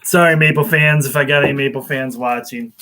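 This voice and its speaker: This man, fairly quick and steady in a bright, forceful medium-pitched voice, hosts a laid-back local sports program. He wanders through predictions, restarting often and filling gaps with "uh," all on a low-quality recording.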